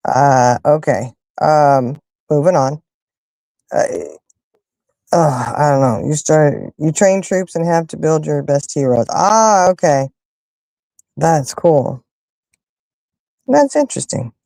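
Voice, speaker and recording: Chatty woman with a low mellow voice. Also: slow pace, pauses often, no room sound. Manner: animated, emphatic storyteller who rants and fusses. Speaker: livestream host chatting with viewers. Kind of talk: casual chat.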